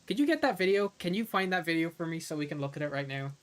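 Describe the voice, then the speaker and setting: A man's voice: on the high side, big pitch swings, quick pace, clean tone. A man from Ireland streaming a game, chatting casually and rambling with lots of fillers. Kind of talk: casual gameplay commentary.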